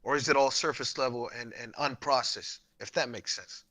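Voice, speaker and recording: A man's voice: mid-range voice, moderate pace, pushed and bright, no echo. Blunt, questioning man, dry sound. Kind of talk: casual chat.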